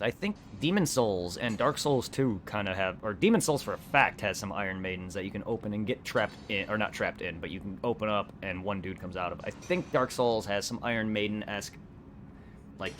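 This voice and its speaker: Rambling, excitable young man streaming. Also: on the low side, slight background noise. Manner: rambling, excitable, swears a lot. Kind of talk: casual gameplay commentary.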